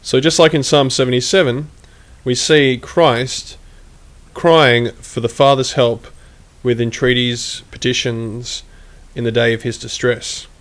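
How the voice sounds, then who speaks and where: Measured man reading out a critique. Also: medium pitch, fairly even intonation, a bit bright. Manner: measured, emphatic, reads quotations aloud. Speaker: online commentator. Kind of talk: critical commentary.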